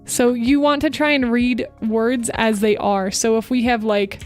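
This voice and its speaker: Young female VTuber host, quick bubbly chatter, slightly high pitch, faint music bed. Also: steady tone. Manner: fast, chatty, bubbly, talks to chat. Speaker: VTuber streamer. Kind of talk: live stream chat and voice tips. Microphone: close desk microphone.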